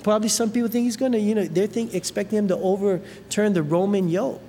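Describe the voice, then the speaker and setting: A preacher giving an animated sermon, retelling a Bible story with many asides and fillers. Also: mid-range voice, fast talker, hardly any pauses. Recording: long hall reverb, faint noise.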